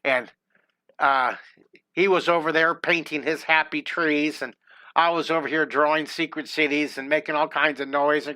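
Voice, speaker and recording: A chatty, enthusiastic middle-aged man talks through a live drawing lesson from a home studio. His voice sits a touch high and sounds bright and lively. The sound is dry, with no room echo. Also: moderate pace. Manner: upbeat, chatty, enthusiastic with exclamations. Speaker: drawing teacher.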